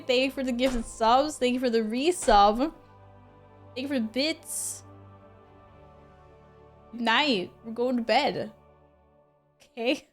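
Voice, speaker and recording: A woman game streamer chatting casually with her viewers, giggling and exclaiming as she thanks them in quick bursts. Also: high voice, a bit bright. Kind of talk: casual live-stream chat.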